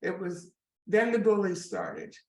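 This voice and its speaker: Scottish woman in her sixties, animated storyteller, echoey room, mid-pitch voice. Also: a little slow. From Scotland. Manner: chatty, animated storyteller with asides. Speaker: guest comedian. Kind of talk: casual storytelling interview.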